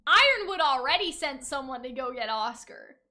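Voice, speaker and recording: A woman hosting a casual review chat who talks in an animated way, laughs often and acts out characters' lines. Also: high-pitched, moderate pace. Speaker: video host.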